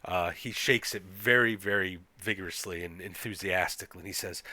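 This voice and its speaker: Low, bright-toned game master. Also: male voice, fairly quick, hardly any pauses. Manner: hesitant, many fillers, reads aloud. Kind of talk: narrating a tabletop game.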